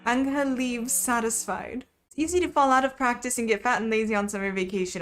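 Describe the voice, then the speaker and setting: Young woman streaming a dating game, highish voice, wry casual comments, soft music under it. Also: fairly quick. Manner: casual, wry asides and laughter. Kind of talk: reading a visual novel aloud with commentary. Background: faint background music.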